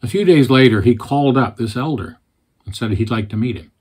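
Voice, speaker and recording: A man with a husky, slightly rough voice preaches in an earnest storytelling way. He recounts past conversations plainly and directly, at a medium pitch for a man. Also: animated, a little fast. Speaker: Christian speaker. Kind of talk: storytelling sermon.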